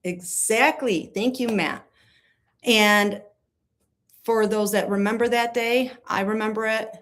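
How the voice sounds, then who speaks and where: A woman from New gives casual true-crime commentary, animated and sarcastic, rambling with many fillers. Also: on the high side, slow pace. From New York.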